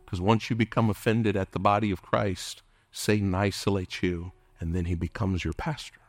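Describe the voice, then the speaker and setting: A middle-aged man preaching a sermon as pastor, impassioned, calling out to the congregation and at times dropping to a hushed whisper. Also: low-pitched, steady tone, moderate pace, dry recording. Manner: calls out to the congregation for responses.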